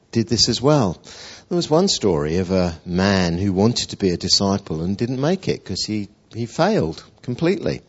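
A man preaching a sermon in an animated storytelling way, acting out quotes. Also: lowish voice, breathy edge. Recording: dull lo-fi recording.

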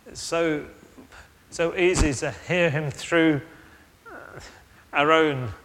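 A man delivers a sermon in a slightly high, earnest voice. He reasons aloud and often restarts his sentences. His words ring out with the long reverb of a large hall. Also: takes it slowly, a bit bright. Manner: earnest, thoughtful, with frequent restarts. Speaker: preacher.

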